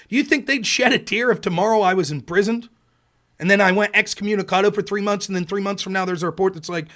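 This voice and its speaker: A man's voice: sits high, expressive, fast talker, fairly bright tone. A man streaming political commentary, heated and sarcastic, putting questions to his audience. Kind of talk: casual ranting commentary.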